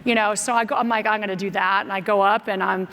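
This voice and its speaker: A woman's voice: medium pitch, quick pace. American woman telling stories in an echoing hall. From United States. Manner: lively storyteller who acts out her own and others' lines. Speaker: keynote speaker. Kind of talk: motivational storytelling speech. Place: large conference hall. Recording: long reverb in a large hall.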